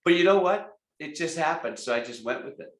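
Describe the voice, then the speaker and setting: A man in his sixties, a rock singer, telling lively stories in a casual interview and acting out the voices of people he quotes. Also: fairly high pitch, brisk. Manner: animated anecdotes, acts out quoted voices. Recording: roomy echo.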